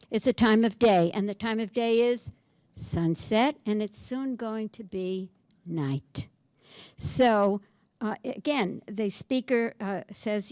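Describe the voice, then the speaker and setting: A woman giving a poetry lecture, reading verse slowly and with emphasis, then asking her listeners questions. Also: fairly high pitch, a little mellow, dry recording, clean studio sound.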